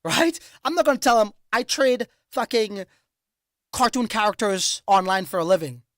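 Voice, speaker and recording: High-voiced man, profane livestream chat. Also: moderate pace, dry recording, clean studio sound. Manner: profane, animated storytelling. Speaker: crypto livestream host.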